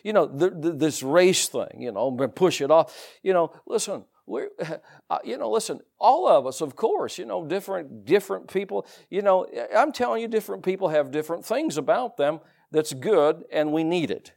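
A man with a Southern US accent preaching a sermon in a folksy, animated way, with laughs and asides. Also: fairly high pitch, normal speed, gravelly. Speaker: pastor.

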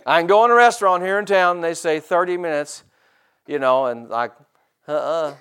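A man's voice: high voice, brisk, a bit bright, clear, resonant tone. A middle-aged man preaching a sermon, stretching out scripture quotes for emphasis and tossing casual asides to the congregation. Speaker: pastor.

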